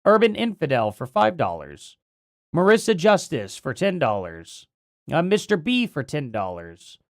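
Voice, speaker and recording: A livestream host reads and thinks aloud in a casual, rambling way, drifting from point to point at a measured pace. Their voice is starting to give out and the pitch swoops wildly up and down. The sound is close and dry, with no echo or room sound.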